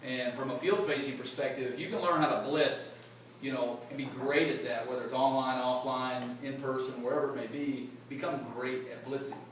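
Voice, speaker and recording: A man's voice: mid-range voice, steady tone, a little fast. A man in sales leadership giving a casual, joking motivational talk to a live audience at a company event. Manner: chatty, joking, quizzes the crowd. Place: large echoey event room with an audience. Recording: echoey room, far mic, background noise.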